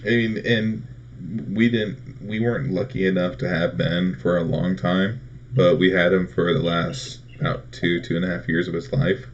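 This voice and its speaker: A man with a very low voice chatting casually as co-host. He tells stories loosely and animatedly, acting out what others said. The audio is dull and lo-fi. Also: normal speed. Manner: animated storyteller, acts out quotes. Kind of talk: casual chat.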